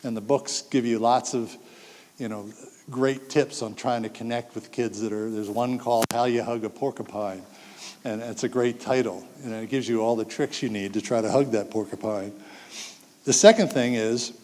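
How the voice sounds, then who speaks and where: Older man giving an animated talk in a hall. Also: medium pitch, normal speed. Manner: animated storytelling, acts out quotes, jokes with the audience. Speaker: speaker giving a talk to parents. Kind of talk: public talk to an audience. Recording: long hall reverb.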